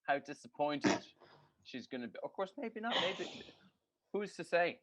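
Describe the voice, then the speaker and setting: Expressive and unhurried, this man's fairly bright voice sits on the high side as he co-hosts a casual podcast. He rants and swears through his stories and laughs at his own telling, recorded with dull, lo-fi audio.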